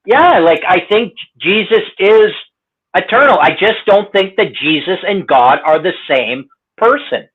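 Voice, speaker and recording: Man, fairly high voice, tinny phone-like sound, argues heatedly, casual stream chat. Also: animated, unhurried, husky. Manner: gets heated and worked up when arguing. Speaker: co-host of a live hangout show.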